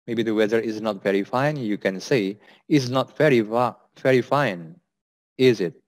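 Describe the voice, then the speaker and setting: A man's voice: lowish voice, moderate pace, no room sound. A man with an Indonesian accent teaching an English lesson, patiently repeating example sentences.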